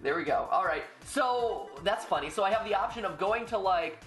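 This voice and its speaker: A man's voice: sits high, lively intonation, normal speed, fairly bright tone, echoey room, soft background music. A man hosting a gaming show, joking through casual gameplay commentary and putting on voices for game characters.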